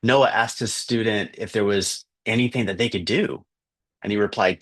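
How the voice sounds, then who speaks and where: A man's voice: fairly low pitch, normal speed. A man, a missionary teacher, earnestly telling a story for fundraising, with fillers and restarts.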